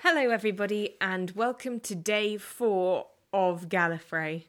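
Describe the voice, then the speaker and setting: A British woman co-hosting a podcast, dry and deadpan in a comedy sketch. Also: mid-range voice, unhurried, no echo. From Britain. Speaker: podcast co-host.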